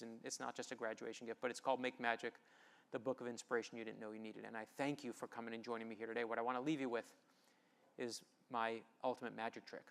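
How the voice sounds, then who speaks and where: A middle-aged man giving an inspirational storytelling speech at a festival, emphatic and animated as he acts out conversations. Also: medium pitch. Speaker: author giving a festival talk. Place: festival stage before an audience.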